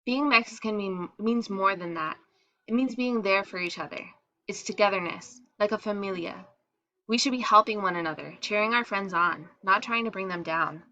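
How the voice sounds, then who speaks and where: A woman's voice: moderate pace, dull audio. A woman reading a first-person story aloud, briefly voicing the other girls in their lines. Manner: acts out the girls' lines with shifts in pitch and loudness. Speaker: reader.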